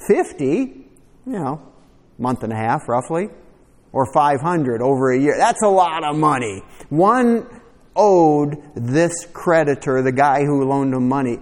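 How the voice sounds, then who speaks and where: A man preaching a conversational sermon, teaching verse by verse with animated asides. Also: mid-range voice, long reverb tail. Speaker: pastor.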